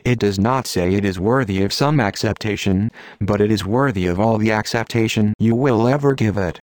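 Man preaching a sermon, low voice, earnest and slow to build, dry close sound. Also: a little mellow, no echo. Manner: earnest, measured, exhorting. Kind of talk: read sermon.

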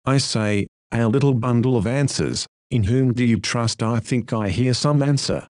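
A man reading a sermon in a solemn, earnest, measured way. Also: medium pitch, a little mellow, no echo, clean studio sound. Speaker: preacher. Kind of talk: read sermon.

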